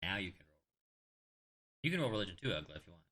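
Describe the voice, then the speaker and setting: A man's voice: low-pitched, big pitch swings, fast, sharp tone. A man acting as game master, explaining rules and narrating scenes in a loose, conversational way.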